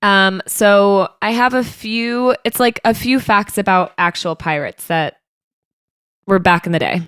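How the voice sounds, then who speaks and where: A woman's voice: medium pitch, measured pace, a bit bright, clear, resonant tone, dry recording, studio quality. A young woman co-hosting a casual podcast, easygoing and playful, drifting into tangents. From Tampa, Florida. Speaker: podcast co-host. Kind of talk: casual chat.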